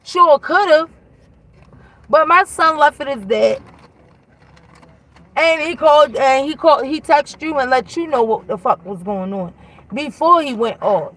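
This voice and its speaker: A woman's voice: high voice, animated, a little slow, long pauses, fairly bright tone, poor audio. A woman in her thirties telling a casual storytime rant, blunt and profane, talking straight to her viewers from inside a car.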